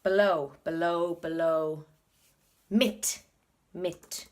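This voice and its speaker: An Irish woman talks casually to her vlog audience in a low, unhurried voice. She thinks aloud as she goes and repeats words over and over to practise them. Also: fairly even intonation. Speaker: video blogger learning Korean.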